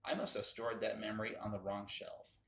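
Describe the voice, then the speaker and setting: Man doing a gentle motherly woman, storybook, soothing, gravelly, roomy echo. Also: fairly low pitch, little pitch movement, a little fast, slight background noise. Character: kind older woman, gentle librarian type. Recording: echoey room.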